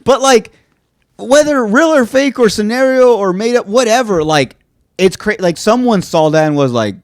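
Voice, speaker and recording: A man's voice: sits high, lively intonation, moderate pace, no echo, studio quality. Chatty man asking follow-ups. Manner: chatty, asks follow-up questions. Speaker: podcast co-host. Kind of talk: casual chat.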